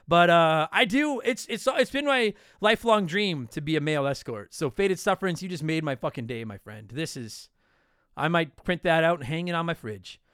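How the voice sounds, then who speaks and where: A man's voice: fairly high pitch, expressive, normal speed, a bit bright, smooth, dry recording, studio quality. A man in his thirties from Canada hosting a casual solo podcast, answering listener questions in a blunt, profane, joking way.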